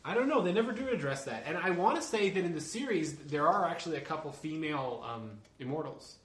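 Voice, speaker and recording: A man co-hosting a casual movie chat, calmly thinking aloud. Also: on the high side, fast, echoey room. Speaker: podcast co-host.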